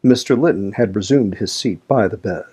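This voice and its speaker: A man reading a classic novel aloud as audiobook narration, in a measured, slow, even delivery. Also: fairly low pitch, slightly rough. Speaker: audiobook reader.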